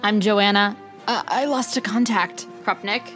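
A woman co-hosts a podcast in loose, casual chat. Her bright, clear voice sits at an ordinary pitch, and she talks playfully with small giggles and false starts. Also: measured pace, faint music behind. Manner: playful, giggly, hesitant restarts. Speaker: podcast co-host.

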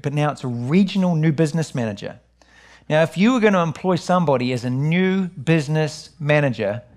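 A middle-aged New man preaching, his voice sitting a little high for a man. He tells his story with lively animation and keeps returning to his message. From New Zealand. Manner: animated storytelling, rising high when excited. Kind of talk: sermon with personal testimony.

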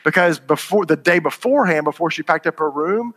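High, bright-voiced man speaking in a hall. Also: animated, fairly quick. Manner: conversational, asks the audience if it makes sense. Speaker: conference speaker. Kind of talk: conference talk to parents. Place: conference hall. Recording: reverberant hall.

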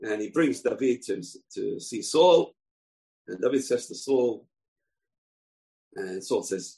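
A man's voice: fairly low pitch, lively intonation, slow pace, gravelly, pauses often, mellow, low-quality recording. A man giving an informal bible lesson, telling the story conversationally with asides. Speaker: bible teacher.

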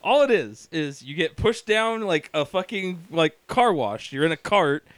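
A man, co-hosting a podcast, telling profane stories in an animated way with laughter. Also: fairly high pitch, a little slow, no room sound. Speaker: podcast co-host. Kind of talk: casual chat, storytelling.

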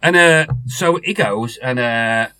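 A man's voice: mid-range voice, slow, pushed and bright, clean tone, no echo. A middle-aged man, telling a rambling story in casual chat, with many restarts. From North West England.

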